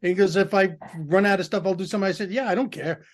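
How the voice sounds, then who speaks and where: A man's voice: sits high, racing. A man and stand-up comedian telling frank, rambling stories in casual chat. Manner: rambling, frank, salty storyteller.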